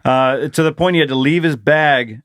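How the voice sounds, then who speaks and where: A middle-aged man co-hosting a podcast in loose, casual chat. His voice sits a little high for a man, and it sounds dry and close with no room around it. He rambles and swears freely. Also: normal speed, a bit bright, dry recording. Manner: rambling, swears freely, reads listener emails aloud. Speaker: podcast co-host.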